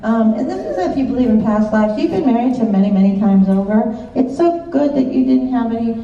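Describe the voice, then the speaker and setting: A woman's voice: fairly high pitch, lively intonation, brisk, dark tone, soft background music. A woman working as a psychic medium, giving live stage readings to an audience in a chatty way, laughing often and checking in with short questions. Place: large hall with a live audience. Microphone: audience member's phone recording from the seats. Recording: echoey hall from far off, muffled, faint noise.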